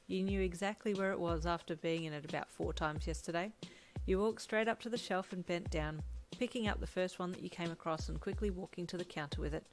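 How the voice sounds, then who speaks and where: A woman narrating a fan story as an audiobook, with even, unhurried storytelling. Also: fairly low pitch, rough recording. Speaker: fanfiction reader.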